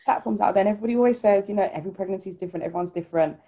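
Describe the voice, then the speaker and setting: A woman's voice: mid-range voice, racing, warm tone. A woman and new mother chatting casually, telling stories and acting out what people said. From Ghana. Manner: chatty, storytelling, acts out quoted voices. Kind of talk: casual chat.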